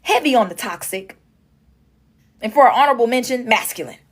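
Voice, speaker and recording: A woman's voice: on the high side, animated, a little fast. A woman doing a casual tarot reading, talking straight to her viewers with emphatic repetition. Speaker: tarot reader.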